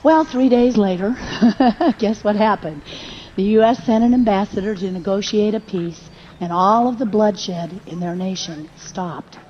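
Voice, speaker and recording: A woman's voice: medium pitch, measured pace, lo-fi sound, a little hiss or hum. A woman preacher telling a personal testimony in a sermon, with emotional storytelling that rises into fervent prayer.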